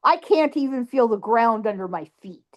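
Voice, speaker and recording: A woman's voice: on the high side, animated, moderate pace, highs cut off. A woman guest psychic telling a ghost story in a dramatic way, acting out voices and sounds and often saying "you know".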